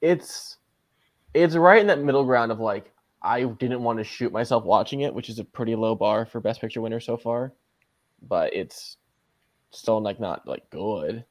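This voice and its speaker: A man's voice: medium pitch, normal speed. A man who is a guest on a casual podcast, lukewarm and hesitant, with many fillers.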